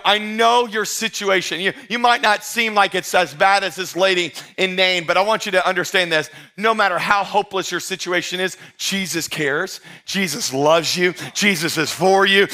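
A male pastor preaching a sermon with lots of energy, mixing jokes and sudden shouts with soft, intimate moments. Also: sits high. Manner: drops to soft, intimate tones for emphasis.

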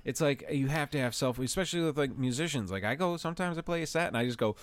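A man's voice: medium pitch, fast, dry recording. A young man co-hosting a podcast in loose, profane casual chat, laughing often. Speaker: podcast co-host.

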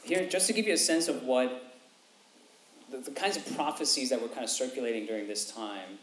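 A man's voice: mid-range voice, fairly quick, fairly bright tone. A man preaching a sermon in an earnest way, checking in with his listeners by asking "okay?" and "right?", and rising sharply in voice when he quotes a cry for mercy. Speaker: pastor. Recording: echoey room with faint background noise.

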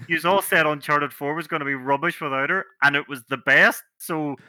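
Bright-voiced jokey man. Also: fairly high pitch, no room sound, studio quality. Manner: jokey, laughs often, puts on quick voices. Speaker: podcast co-host. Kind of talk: casual chat about video games.

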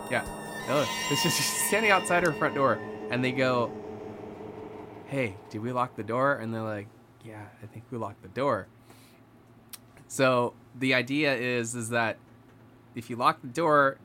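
Man telling a ghost story, voice dropping hushed. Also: medium pitch, background noise. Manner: animated, acts out the characters' lines, drops to a hushed voice for tense moments. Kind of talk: casual storytelling among friends.

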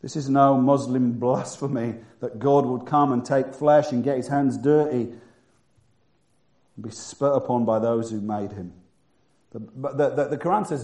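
A man preaching a sermon who moves from loud, emphatic bursts to hushed, quiet passages. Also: mid-range voice, steady tone, unhurried, reverberant.

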